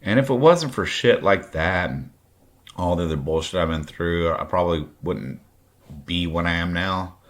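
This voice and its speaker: Deep-voiced, blunt, profane man in his late 40s. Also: moderate pace. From Kentucky, US. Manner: blunt, heavily profane, raw. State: drinking. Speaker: podcast host. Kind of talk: personal storytelling podcast monologue.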